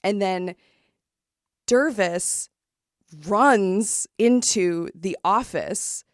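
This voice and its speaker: A woman's voice: mid-range voice, extremely slow, dry recording, studio quality. A woman co-hosting a podcast, retelling a story in casual chat with lots of fillers and emphasis. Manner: animated retelling with many fillers. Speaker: podcast co-host.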